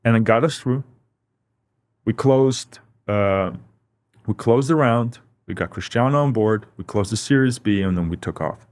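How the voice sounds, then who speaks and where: A man's voice: fairly low pitch, moderate pace, darkish tone. A man, a company founder, telling his story in a casual interview. He reflects as he goes and repeats words for emphasis. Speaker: company founder, podcast guest.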